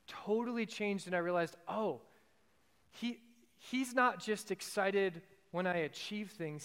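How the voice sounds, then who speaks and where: A man's voice: sits high, fairly bright tone, clean tone, in a large hall. A man preaching a sermon in an earnest way, repeating his key lines for emphasis. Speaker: pastor.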